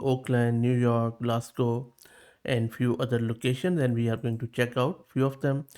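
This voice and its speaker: Chatty man demoing software. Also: mid-range voice. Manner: relaxed, chatty with fillers. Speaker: tech video host. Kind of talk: casual screen walkthrough.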